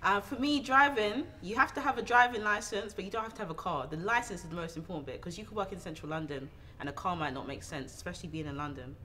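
A woman's voice: lowish voice, fast, hardly any pauses, sharp tone, slight background noise. A woman contestant on a dating show, playful and outspoken in casual banter.

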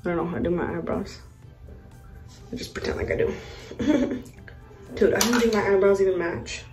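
A woman's voice: mid-range voice, normal speed, darkish tone, soft background music. A young woman, a mother, telling a story in a casual vlog while doing her makeup, blunt, profane and exasperated. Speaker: vlogger, mother. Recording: echoey room.

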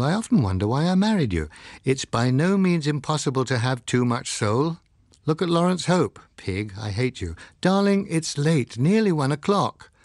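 A man reading the part of a wistful, teasing young wife in an audiobook, his voice lifted and soft. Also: mid-range voice, no echo, studio quality.

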